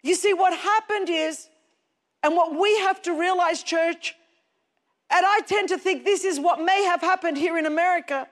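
High-voiced woman preaching in a hall. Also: normal speed. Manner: emphatic, stretching key words and rising to shouts. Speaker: pastor. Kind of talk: sermon. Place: church hall.

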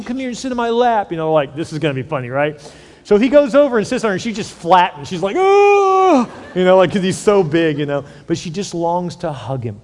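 Pastor preaching in a reverberant hall. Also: male voice, on the high side. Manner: conversational, animated storytelling with repeated words. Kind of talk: sermon. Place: large church hall.

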